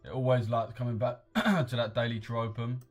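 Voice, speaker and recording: A man's voice: mid-range voice, flat delivery, a little fast. A young man, live-streaming forex trades and chatting casually with viewers, full of slang, calling them boys and mate. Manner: slangy, laddish, addresses chat as boys and mate.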